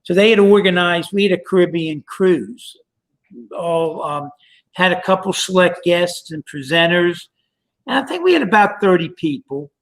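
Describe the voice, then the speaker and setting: A male podcast host in casual chat, rambling and halting with many fillers. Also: sits high, animated. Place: Pennsylvania.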